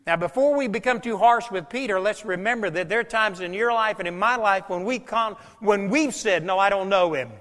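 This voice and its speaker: Male pastor, high voice, animated sermon, long church reverb. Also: brisk, hardly any pauses. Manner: animated storytelling, swings from loud to hushed.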